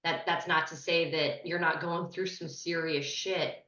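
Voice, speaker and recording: A woman hosting a casual interview as fitness coach, adding quick, joking caveats. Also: deep voice, steady tone, sharp tone, reverberant, highs cut off. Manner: quick, laughing asides and caveats.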